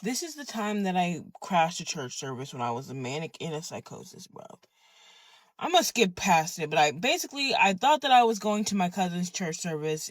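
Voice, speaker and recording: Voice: mid-range voice, no echo. Candid rambling storyteller, dry close sound. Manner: candid, rambling, peppered with "bro" and swearing. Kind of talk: casual storytime monologue.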